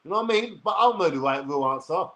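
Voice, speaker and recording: A man's voice: fairly high pitch, expressive, quick pace, bright, forceful tone, low-quality recording. Profane ranting man. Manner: crude, profane, blunt, addresses viewers directly. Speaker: vlogger. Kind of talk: direct-to-camera rant.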